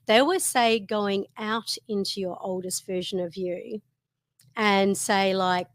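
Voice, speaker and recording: A woman's voice: mid-range voice, fairly even intonation, a little slow, no room sound. Teasing woman co-host. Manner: agreeable, teasing, reflective. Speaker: regular co-host. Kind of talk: casual chat.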